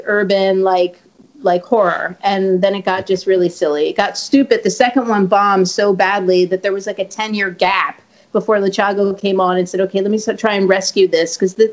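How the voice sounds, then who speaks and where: A woman's voice: medium pitch, brisk. A woman being interviewed as a guest actress, chatting casually and rambling, swearing freely and leaning on filler words. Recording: dull lo-fi audio.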